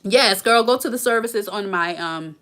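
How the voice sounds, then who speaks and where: A woman's voice: medium pitch, normal speed, a bit bright. A woman, hosting a casual live Q&A and talking emphatically straight to her viewers. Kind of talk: casual live-stream chat.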